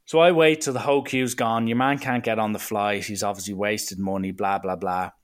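An Irish man telling a travel story in a casual, animated rant, exasperated and mocking, with some swearing. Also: fairly low pitch, a little fast.

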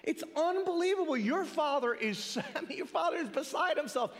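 A man voicing an excited male household servant who gushes breathlessly with big news. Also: extremely high pitch, moderate pace, long reverb tail, pitched above the performer's own voice.

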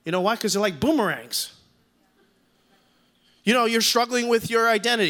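A man's voice: extremely high pitch, normal speed, pauses often, a bit bright. A man in his fifties preaching a sermon as a pastor, emphatic, repeating key lines and calling on the congregation to respond. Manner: repeats key lines for stress, some restarts.

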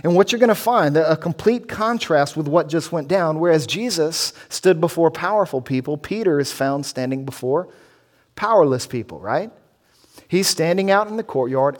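A pastor delivers a sermon in a voice that sits a little higher than most men's. He preaches earnestly, pressing his points with rising emphasis as he explains the passage.

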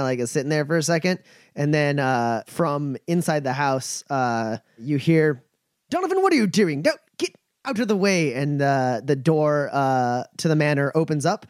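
A man's voice: on the high side, no echo, clean studio sound. A man narrating as game master in a tabletop game, describing scenes at length with frequent hesitations and restarts.

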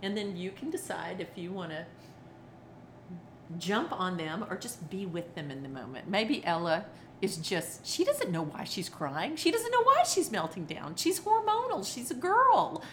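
A woman's voice: medium pitch, measured pace, slight background noise. A middle-aged woman, a children's entertainer and author, telling stories expressively in conversation and acting out quotes. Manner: expressive, acts out quotes, laughs often. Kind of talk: animated storytelling in conversation.

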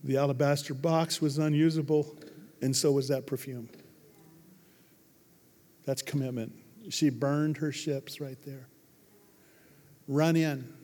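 A man preaching a sermon as pastor, emphatic, swinging from hushed to loud. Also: medium pitch, steady tone, slow pace, long pauses. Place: large church hall. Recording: long hall reverb.

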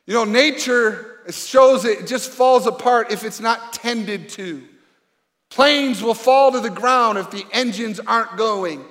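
A male pastor preaches in an earnest, conversational way, asking the congregation questions. His voice sits high for a man. The sound carries a long reverb from a large hall. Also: a little slow, fairly bright tone. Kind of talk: sermon.

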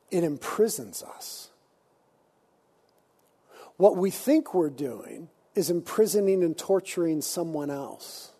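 A man preaching a sermon in an animated, conversational way, slipping into casual slang. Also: mid-range voice, husky. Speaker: pastor.

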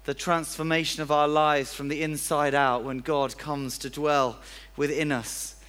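A man's voice: a little high, flat delivery, unhurried, a bit bright, clear, resonant tone. Chatty man preaching. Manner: chatty, self-deprecating, acts out little scenes. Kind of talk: sermon. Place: church.

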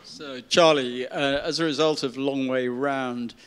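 Smooth-voiced man asking from the floor. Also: mid-range voice, steady tone, a little slow, a bit bright. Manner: hesitant, with fillers and repeated words. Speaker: audience member asking a question. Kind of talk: question from the floor.

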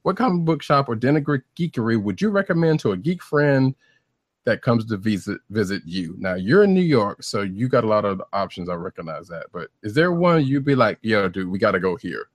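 A man's voice: on the low side, sing-song, a little fast, dry recording, studio quality. A man co-hosting a comic book podcast, talking casually in a rambling, hesitant way. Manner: rambling, hesitant, full of fillers. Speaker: podcast co-host. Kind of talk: casual chat.

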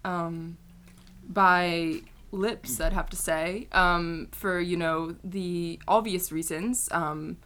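A woman putting on a to play a shy young male pop singer who speaks slowly and hesitantly. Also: on the low side, steady tone, a bit bright. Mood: dreamy. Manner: slow, hesitant, giggly.

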